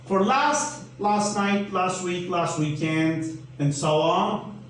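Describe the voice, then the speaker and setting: An English teacher with a Turkish accent gives a grammar lesson very slowly and deliberately, spelling out letters one at a time and asking questions he then answers himself. His voice is high and animated. The recording is echoey and distant, with the mic far off and a faint hum.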